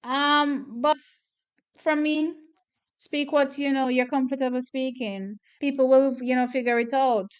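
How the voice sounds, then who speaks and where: A woman calls races and chats through a track meet watch party in a fairly high, smooth and clear voice. She is opinionated and chatty, circling back to hammer her points home. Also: steady tone, a little slow, highs cut off. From Jamaica. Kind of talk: casual live track commentary.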